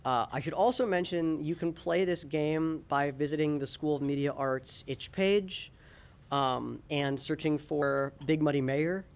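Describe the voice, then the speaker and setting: A man's voice: on the high side, measured pace. A young man, a student animator, chatting casually on a panel about a class game project, easygoing with frequent ums. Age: young adult.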